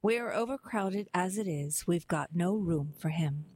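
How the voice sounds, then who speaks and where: A woman's voice: fairly low pitch, expressive, a little slow, darkish tone. A woman voicing a selfish, grumbling young man in a poem, dismissive in tone.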